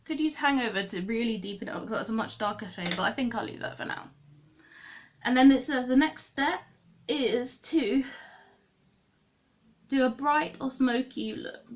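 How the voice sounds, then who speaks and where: A woman's voice: a little high, normal speed, highs cut off. A woman chatting through a makeup tutorial, thinking aloud and correcting herself as she goes. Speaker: beauty vlogger.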